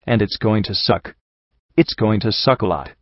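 A blunt, weary stallion , as a man reads him. His words are low and dry, and the recording is muffled and close. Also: moderate pace, no room sound, natural voice. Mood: wry. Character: blunt, weary male pony companion.

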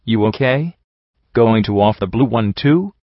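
A man's voice: fairly low pitch, expressive, unhurried, no room sound. Man voicing a callous, eager mare guard. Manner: keen, offhand. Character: eager young female pony guard, callous. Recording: dull dry recording.

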